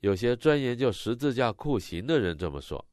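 A man interpreting a sermon line by line, expressive and rising on the quoted cries. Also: mid-range voice, fairly quick, no echo, studio quality.

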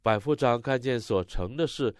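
A man interpreting a sermon line by line, expressive and rising on the quoted cries. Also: medium pitch, moderate pace, no room sound, clean studio sound.

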